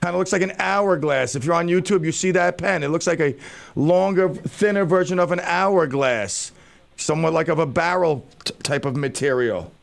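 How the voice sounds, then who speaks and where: Radio host type: gravelly, a bit high-pitched man with playful, self-mocking chatter. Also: moderate pace. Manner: joking, self-mocking banter. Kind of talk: casual radio talk. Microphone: studio microphone.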